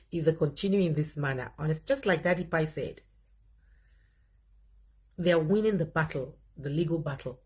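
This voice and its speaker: A Nigerian woman hosting a livestream, commenting in an animated way and reading out viewer comments as she speaks straight to her audience. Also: deep voice, husky. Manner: animated, talks straight to viewers, laughs often. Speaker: livestream host.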